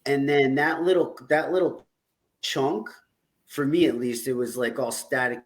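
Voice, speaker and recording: A man hosting a casual podcast interview, asking halting follow-up questions. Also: medium pitch. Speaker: podcast host.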